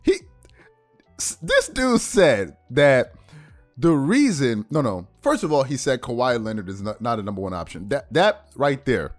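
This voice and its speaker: A man's voice: medium pitch, moderate pace, faint music behind. A man hosting a sports show, reacting to a clip with an incredulous, laughing rant. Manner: animated, incredulous, ranting with laughs. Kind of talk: casual sports commentary.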